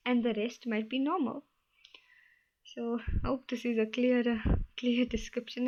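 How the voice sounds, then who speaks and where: Young female study host, casual explainer, a touch high, muffled home recording. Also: a little mellow. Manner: chatty, loose, repeats herself while explaining.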